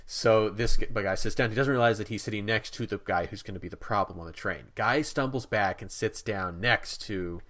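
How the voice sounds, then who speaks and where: A man co-hosting a podcast, telling a story in a casual, animated way with many asides. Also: fairly low pitch, a little fast, few pauses. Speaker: podcast co-host.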